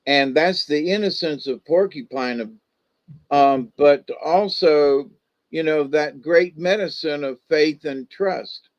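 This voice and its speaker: A man's voice: fairly high pitch, slow pace, no echo, dull audio. A man telling folk stories and animal lessons in a rambling, folksy way, full of asides. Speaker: storyteller. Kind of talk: casual spoken storytelling.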